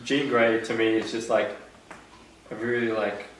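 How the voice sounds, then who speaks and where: Low-voiced Australian man, roomy and distant. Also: steady tone, normal speed, slight background noise. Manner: rambling, many likes and restarts. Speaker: podcast co-host. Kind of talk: casual chat. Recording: roomy echo, distant mic.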